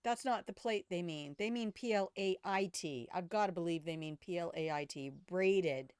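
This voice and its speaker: A woman's voice: fairly low pitch, normal speed, darkish tone, clean tone, no echo, studio quality. An older woman streaming a video game, chatting casually, thinking aloud and swearing freely. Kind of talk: casual gaming commentary.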